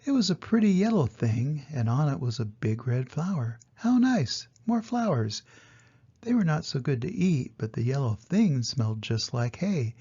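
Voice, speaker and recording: Older man, storybook reading, gravelly, husky, dull lo-fi recording. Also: mid-range voice, sing-song, moderate pace, warm tone. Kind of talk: reading a children's story aloud.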